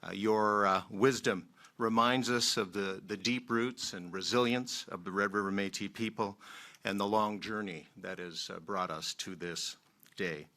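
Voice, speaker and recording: A man from Manitoba, a member of Parliament, giving a formal ceremonial speech in a measured, emphatic way with many pauses. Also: fairly low pitch, steady tone, sharp tone. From Manitoba, Canada.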